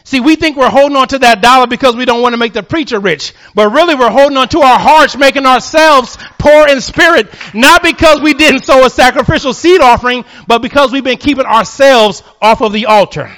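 A male pastor a sermon, moving between quiet storytelling and shouted, fervent calls. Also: very high voice, brisk, few pauses.

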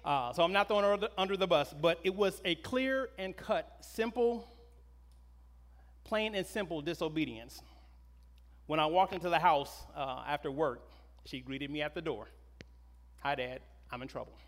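A middle-aged man, a pastor, preaching a sermon in an animated, conversational storytelling way. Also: fairly high pitch, normal speed. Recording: long reverb of a large hall.

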